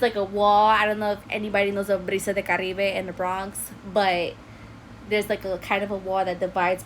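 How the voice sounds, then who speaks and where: A young woman tells a personal story straight to her viewers from her bedroom. She is animated, laughs often, and acts out what each person said. Her voice sits at a middling pitch over a faint background hiss. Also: rough recording. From New York City.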